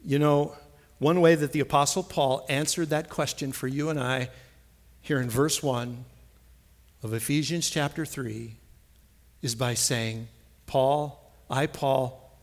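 A man's voice: mid-range voice, steady tone, slow, pauses often. A man preaching a sermon, stressing key phrases and repeating lines for emphasis. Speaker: pastor.

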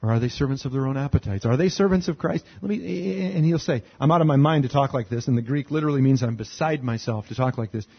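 A man's voice: mid-range voice, quick pace, gravelly, hardly any pauses, breathy edge, lo-fi sound. A man preaching a conversational sermon as pastor, reading scripture aloud and adding rhetorical questions and dry sarcastic asides. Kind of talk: expository sermon.

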